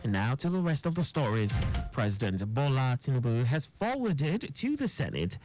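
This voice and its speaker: A newsreader, reading a radio news bulletin in a formal, measured way. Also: medium pitch, over loud music, poor audio. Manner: formal, measured read with lively intonation.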